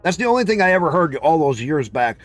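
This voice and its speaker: A man's voice: on the high side, very animated, fast talker, faint music behind. A man hosting a livestream chat, ranting bluntly and repetitively with profanity. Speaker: livestream host. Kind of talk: heated open chat.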